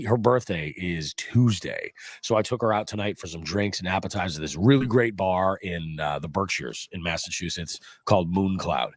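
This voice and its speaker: A congested middle-aged podcast host with a low, stuffy, nasal voice rambles through casual chat, joking and swearing. He's on a studio mic, with clean studio quality and no room sound.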